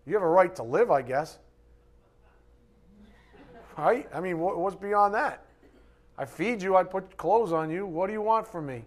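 A man preaching a sermon, asking his congregation rhetorical questions and swinging between loud emphatic bursts and quiet asides. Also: high-pitched, expressive, measured pace, long pauses. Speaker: pastor.

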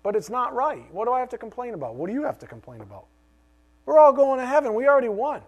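A middle-aged male pastor preaching a sermon, animated, with rhetorical questions and joking asides. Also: extremely high pitch, fast, lo-fi sound.

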